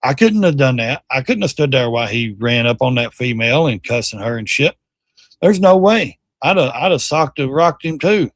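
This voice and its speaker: A man's voice: medium pitch, lively intonation, moderate pace, dry recording. A middle-aged man hosting a livestream, bluntly and animatedly commenting on clips, swearing and mocking. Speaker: livestream host. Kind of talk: casual commentary.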